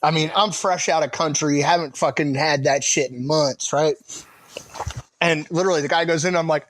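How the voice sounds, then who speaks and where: A man in his thirties, a Marine veteran co-hosting a podcast, telling profane, animated war and hospital stories with laughter. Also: a little high, normal speed. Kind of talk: casual storytelling chat.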